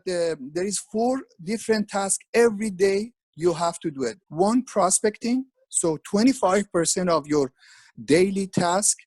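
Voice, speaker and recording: A man's voice: sits high, darkish tone, rough recording. A man speaking as a webinar presenter over a video call, instructing in an earnest, repetitive way with frequent restarts.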